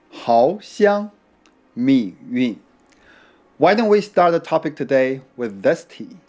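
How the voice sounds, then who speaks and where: A man explains tea in a calm, measured way and drops in small playful asides. He speaks very slowly at a middle pitch. A faint music bed plays under his voice. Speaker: tea educator. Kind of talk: scripted educational narration.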